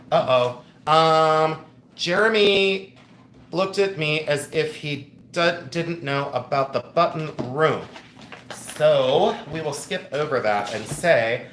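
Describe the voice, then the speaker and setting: A man's voice: on the high side, unhurried, fairly bright tone, a little hiss or hum. A middle-aged man hosting a casual livestream from home, chatty and playful, reading viewer comments aloud. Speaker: livestream host.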